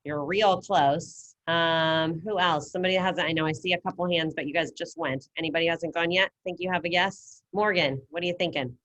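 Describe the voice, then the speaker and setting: Speaking fairly quickly with hardly any pauses, a woman with a fairly low, fairly bright voice teaches Spanish online. Her computer mic on the video call carries her patient, encouraging step-by-step explanations.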